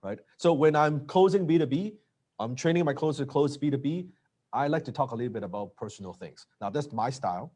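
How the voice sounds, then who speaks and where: A man coaching on sales closing, animated and acting out dialogue. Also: mid-range voice, fairly quick. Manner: animated, acts out lines of dialogue.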